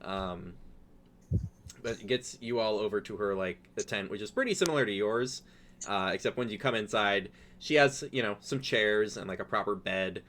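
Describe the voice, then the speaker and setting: A man with a lowish voice runs a tabletop game, narrating scenes in a loose, rambling way full of "um" and "uh". A faint hiss sits under the recording. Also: moderate pace, fairly bright tone. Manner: rambling, filler-heavy, laughing often. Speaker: game master.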